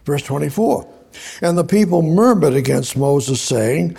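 Husky-voiced man preaching a sermon. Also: on the high side, lively intonation, measured pace, mellow. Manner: conversational, repeats words, reads scripture aloud. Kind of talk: sermon, Bible study.

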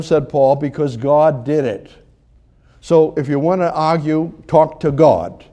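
A man delivers a conversational sermon in a mellow, relaxed voice that sits slightly high. He teaches in a halting cadence, restarting phrases and repeating key words. He pushes hard on emphatic lines and then drops to quiet asides. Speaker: preacher.

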